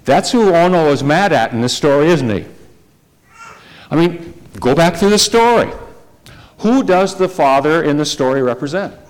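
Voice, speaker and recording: A male preacher delivering a sermon, talking deliberately and putting rhetorical questions to his listeners. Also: on the high side, expressive. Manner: deliberate, rhetorical questions to the congregation, repeats words.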